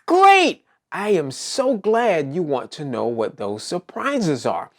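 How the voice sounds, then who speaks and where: A man's voice: fairly high pitch, very animated, takes it slowly, darkish tone. A man hosting a preschool circle time lesson, cheerfully asking young children and puppets questions.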